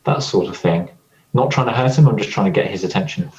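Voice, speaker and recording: A man playing a tabletop game, describing his character's actions in a halting way that repeats words. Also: fairly low pitch, a little mellow. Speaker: player. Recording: dull lo-fi recording.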